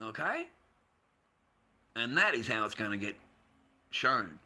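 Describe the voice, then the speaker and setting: An Australian man on a live stream, rambling and confrontational, swearing freely and veering from low muttering to loud outbursts. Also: very animated, slow pace. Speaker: livestreamer.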